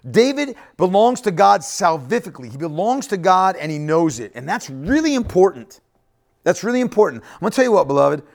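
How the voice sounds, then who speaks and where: A man's voice: sits high, big pitch swings, a little fast, gravelly. A man preaching a sermon to a congregation, talking directly to them with frequent "right?" asides and repeated phrases. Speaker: pastor.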